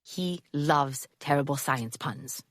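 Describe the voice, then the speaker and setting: A man's voice: a little high, slow, fairly bright tone, no echo, studio quality. A woman voicing a tiny man in his eighties with a thick German accent, a playful teller of corny science puns in an audiobook. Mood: amused. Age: 80s.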